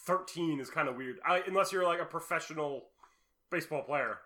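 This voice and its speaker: A man co-hosting a podcast, chatting casually with brief, relaxed replies and easy laughs. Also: a little high, brisk. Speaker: podcast co-host. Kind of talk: casual chat.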